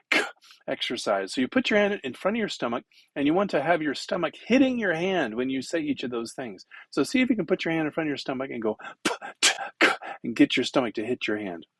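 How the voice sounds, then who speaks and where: A man's voice: fairly high pitch, no echo, poor audio. A man teaching public speaking in a conversational lecture, demonstrating as he goes and using many fillers. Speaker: instructor.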